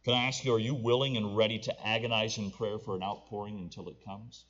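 A man's voice: fairly even intonation, quick pace. Impassioned male preacher, lo-fi sound. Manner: builds to loud, impassioned pleading, then drops low and quiet. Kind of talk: sermon.

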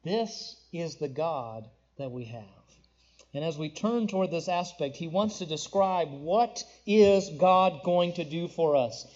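A young man preaching a sermon as a pastor, rising to emphatic declarations and dropping to hushed, tender passages. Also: sits high. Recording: dull lo-fi recording.

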